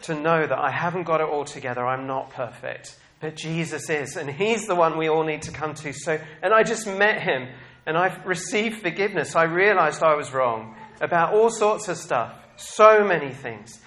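A man preaching a sermon to his congregation, animated and laughing often, swinging from quiet reflection to loud bursts of excitement. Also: a little high, normal speed, few pauses.

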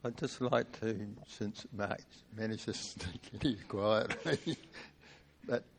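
A man in a church giving earnest, halting Christmas wishes and a farewell to the congregation. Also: lowish voice, gravelly, slight background noise. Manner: halting and earnest, repeating words.

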